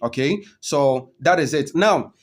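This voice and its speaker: A man giving an unscripted history lesson, often pausing with "okay" and "um" and repeating his key points. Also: fairly high pitch, expressive. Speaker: history teacher.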